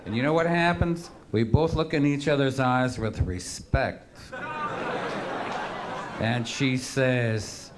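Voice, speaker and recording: A man's voice: mid-range voice, slow, a loud crowd, heavy background noise. A man telling rambling, profane stories to a live audience with a wry, offhand manner. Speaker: storyteller performing for an audience. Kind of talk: live spoken storytelling.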